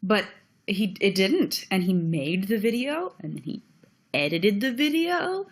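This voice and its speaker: A woman's voice: mid-range voice, expressive, unhurried. Young woman vlogger, blunt and heated rant, swears freely, mid-range voice. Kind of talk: ranting video commentary.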